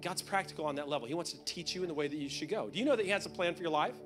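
Man, pastor, sermon, high-pitched, chatty, joking. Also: expressive, rapid-fire, music in the background. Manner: conversational and joking, acts out quotes.

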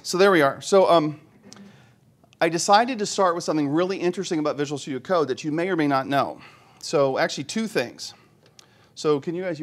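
A middle-aged man giving a live technical presentation to a conference audience, chatty and joking, often asking the audience questions. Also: medium pitch. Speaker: conference speaker. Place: conference room before an audience.

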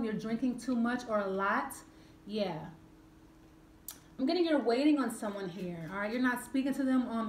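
High-voiced woman tarot reader, casual and repetitive, in a roomy space. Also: a little hiss or hum. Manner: chatty, repetitive, drawing cards aloud. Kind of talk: tarot reading monologue.

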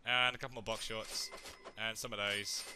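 A young man chatting through a video game playthrough in a jokey, excitable way. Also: fairly low pitch, moderate pace, noisy background. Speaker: let's play gamer. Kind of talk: casual game commentary.

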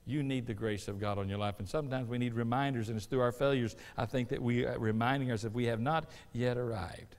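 A man's voice: medium pitch, steady tone, brisk, few pauses. Preaching man with a drawl in a hall. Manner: preaching with rising, shouted emphasis and folksy asides. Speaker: pastor. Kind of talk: sermon. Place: church sanctuary.

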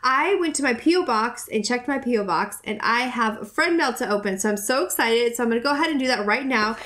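A woman's voice: on the high side, lively intonation, brisk. Gushing, effusive woman vlogger. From United States. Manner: gushing, effusive, repeats herself; soft, rambling with many fillers. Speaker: YouTuber opening viewer mail. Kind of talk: casual vlog chat.

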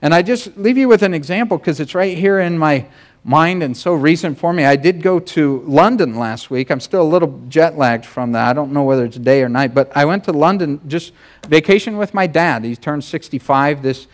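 A man in his thirties, a pastor, giving a sermon in a conversational, animated storytelling way. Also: on the high side, moderate pace.

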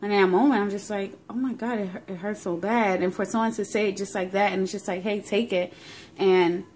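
A woman's voice: mid-range voice, steady tone, fast talker, a little mellow, slight background noise. Young woman vlogger, talks loosely with fillers and feeling, phone-recorded. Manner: rambling, emotional storytelling with many fillers. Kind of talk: casual pregnancy update vlog.

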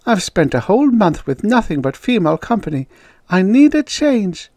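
A man performing a restless young blonde contestant with a light, teasing manner. Her voice sits high and swoops around. Dry, close recording. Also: very animated, moderate pace, a little mellow, dry recording, full character voice. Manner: breezy, teasing.

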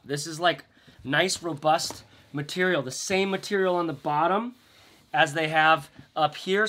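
A man's voice: high-pitched, a bit bright. A man giving a casual vlog review of bags, chatty and rambling with playful asides. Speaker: bag reviewer.

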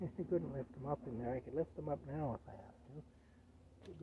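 A man's voice: fairly high pitch, normal speed, long pauses, phone-quality sound, a little hiss or hum. A man vlogging outdoors beside a camper, chuckling as he keeps calling his cat to come. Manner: coaxing, chuckling, repeats calls to his cat. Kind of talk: casual talk to camera while coaxing a pet.

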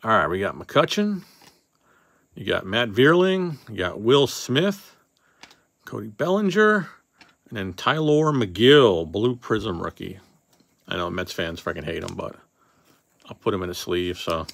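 A man's voice: lowish voice, big pitch swings, unhurried, vocal fry, pauses often, a bit bright. A man hosting a casual card-opening session, reading off names as he goes and joking offhand with a few swear words. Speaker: card box breaker host.

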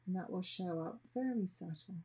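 A woman's voice: fairly low pitch, normal speed, warm tone, slightly rough. A woman teaching a nail art class, chatting casually and thinking aloud as she works. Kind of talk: casual tutorial demonstration.

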